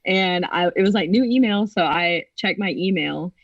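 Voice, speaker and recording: A woman in her twenties telling a personal story on a podcast in an animated way, with lots of fillers. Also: on the low side, moderate pace, no room sound. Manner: animated, acts out quotes, many fillers. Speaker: podcast co-host. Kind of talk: casual storytelling. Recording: dull, dry sound.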